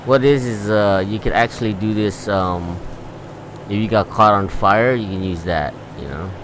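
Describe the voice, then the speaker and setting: A man's voice: on the low side, moderate pace, noisy background. A man giving laid-back, rambling gameplay commentary, swearing freely as he plays. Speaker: gameplay streamer.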